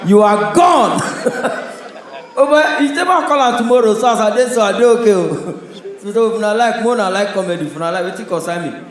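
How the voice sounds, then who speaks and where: Telling fairly quick, punchy stories in Pidgin English, a Nigerian comedian works the stage, drawing laughter from the audience. His voice sits high and rings loudly, wrapped in the heavy echo of a live hall.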